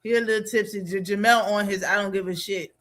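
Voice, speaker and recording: A man's voice: high voice, fairly even intonation, fast, noisy background. A man hosting a live boxing talk stream, reacting casually with slang and frequent laughter.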